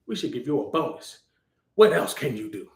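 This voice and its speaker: Guy doing a quiet impressed boss voice, a bit low, echoey room. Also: very animated, fairly quick. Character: impressed male manager offering a promotion. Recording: roomy echo.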